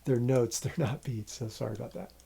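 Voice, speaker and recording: A man's voice: mid-range voice, a little fast, creaky, slightly rough. A man teaching a rhythm lesson in a casual way, explaining counts and apologizing for his slips as he goes. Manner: counts rhythms aloud while playing; relaxed, apologetic asides. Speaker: music teacher. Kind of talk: casual instructional talk.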